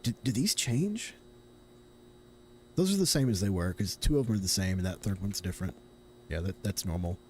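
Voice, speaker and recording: A man's voice: low voice, animated, normal speed, long pauses, a little mellow, a little hiss or hum. A young man from Tennessee streaming a horror game, chatting casually and thinking aloud in a rambling, self-correcting way. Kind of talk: casual live gameplay commentary.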